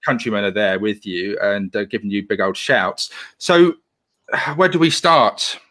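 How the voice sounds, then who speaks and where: A man's voice: on the low side, unhurried, pushed and bright. A man hosting a live online interview over a video call, chatty and rambling, laughing often. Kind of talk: casual live-stream interview.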